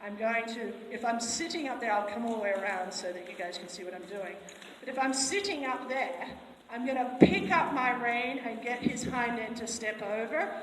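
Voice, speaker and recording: A woman horse trainer gives a live, chatty demonstration, alternating between addressing onlookers and talking to the horse. Her voice is fairly high at a normal speed, recorded in an echoey arena with long reverb and faint noise.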